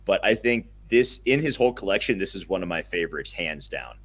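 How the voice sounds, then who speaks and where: A young man co-hosting a casual podcast, chatting enthusiastically and rambling a little, quick to laugh. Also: low-pitched, lively intonation, a bit bright. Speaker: podcast co-host.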